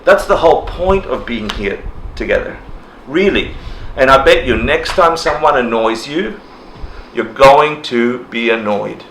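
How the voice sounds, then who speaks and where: A male dharma teacher leads a casual class in a roomy indoor hall, his mid-range voice bright and forward at a measured pace. Animated and quick to laugh, he acts out people's reactions in funny little voices. A faint ambient hum sits beneath him.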